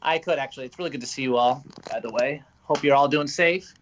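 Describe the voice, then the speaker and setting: A man's voice: mid-range voice, fast, highs cut off, a crowd in the background. A man joining by video call as a guest, rambling hesitantly in casual chat. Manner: rambling and hesitant, with many fillers.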